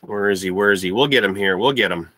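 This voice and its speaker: A man's voice: lowish voice, quick pace, pushed and bright, no room sound. A man hosting a podcast as a boastful glam-rock showman, swaggering through his comic patter. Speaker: podcast host. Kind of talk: comic interview in a glam-rocker persona.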